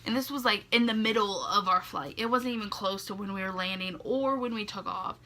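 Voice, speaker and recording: A woman's voice: medium pitch, brisk, pushed and bright. A young woman telling a rambling story to camera in a casual vlog, leaning heavily on "like" and "legit" and breaking into laughs, sleepy and yawning. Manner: rambling, heavy use of "like" and "legit", frequent laughs. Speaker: vlogger.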